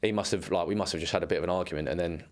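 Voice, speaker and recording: A man's voice: sits low, racing. A young man telling rambling football anecdotes in casual chat, swearing freely. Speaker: former footballer guest.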